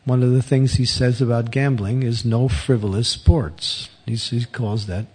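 Husky man giving a chatty spiritual class. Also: mid-range voice, steady tone, moderate pace, darkish tone. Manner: chuckles often, rambling storytelling. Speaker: Hare Krishna teacher.

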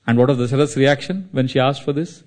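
A man from India, telling a devotional story as a sermon, in a dramatic, animated way. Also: medium pitch, quick pace. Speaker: spiritual speaker.

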